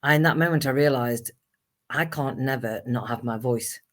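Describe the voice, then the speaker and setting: A middle-aged woman, speaking as a guest actress and singer in a candid conversation. Her delivery is animated and emphatic, and she acts out remembered exchanges as she goes. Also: extremely low pitch, normal speed.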